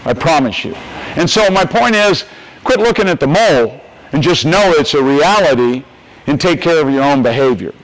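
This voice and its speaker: An older man from the United States speaks at a coaches clinic in a motivational coaching style. His voice sits a little on the high side. He is emphatic and folksy, and he hammers his key points home by repeating them. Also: expressive, normal speed, low-quality recording.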